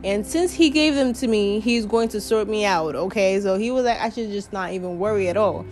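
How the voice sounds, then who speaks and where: A young woman talks straight to her podcast listeners in a loose, rambling monologue. Her voice sits at an ordinary middle pitch, and she peppers her talk with swearing and frequent laughter. Soft music plays faintly in the background. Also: brisk. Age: young adult. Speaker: podcast host. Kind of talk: casual monologue.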